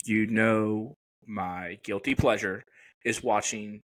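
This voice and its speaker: A man's voice: lowish voice, fairly even intonation, slow, a bit bright. A young man co-hosting a casual podcast, rambling and searching for words as he goes. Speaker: podcast co-host.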